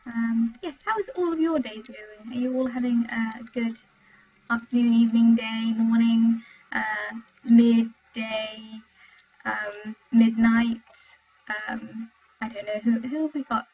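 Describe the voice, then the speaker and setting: A young woman from Wales chatting with her viewers while commenting on her gameplay, excitable and talkative, in dull lo-fi home stream audio. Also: a little high, slow, slight background noise. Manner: chatty, excitable, exclaims at the game. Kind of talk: live gameplay commentary and chat.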